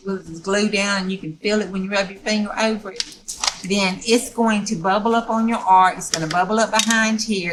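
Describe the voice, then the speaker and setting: A woman's voice: mid-range voice, background noise. A woman teaching a step-by-step craft tutorial in a folksy, chatty way, often checking in with "okay?".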